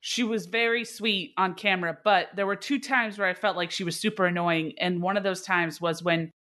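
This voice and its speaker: A woman's voice: fairly low pitch, fairly even intonation, normal speed, fairly bright tone. A woman co-hosting a podcast, chatting casually with sarcastic jokes. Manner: sarcastic, jokey. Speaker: podcast co-host. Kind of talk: casual chat.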